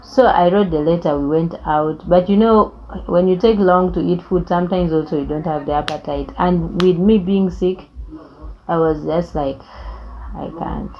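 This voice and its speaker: Mellow-voiced young woman telling her story. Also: lowish voice, moderate pace, low-quality recording. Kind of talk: personal storytelling.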